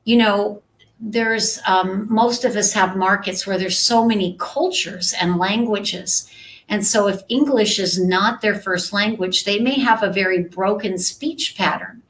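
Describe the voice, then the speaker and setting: A woman's voice: medium pitch, measured pace, fairly bright tone, low-quality recording. A woman giving a conversational live-stream coaching talk as a sales trainer, often checking in with her viewers. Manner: conversational, checks in with "right?" and "okay?".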